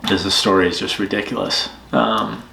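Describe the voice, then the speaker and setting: Low-voiced man telling a story. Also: normal speed, gravelly, noisy background. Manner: lively retelling with voiced quotes. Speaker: guest bush pilot. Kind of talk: casual storytelling. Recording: roomy echo.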